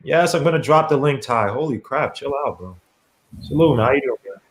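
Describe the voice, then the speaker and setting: A man's voice: medium pitch, animated, a little fast. A man hosting a live podcast stream, casually commenting on a basketball game while griping about his streaming setup, with lots of fillers and restarts. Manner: frustrated, apologetic, rambling with many fillers. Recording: echoey room.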